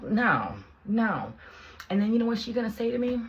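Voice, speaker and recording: A woman's voice: on the high side, very animated, moderate pace, muffled recording, slight background noise. Heated, profane woman telling a story. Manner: heated, profane, swinging between hushed and shouting; rambling with many restarts and fillers. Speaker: vlogger. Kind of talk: personal storytelling.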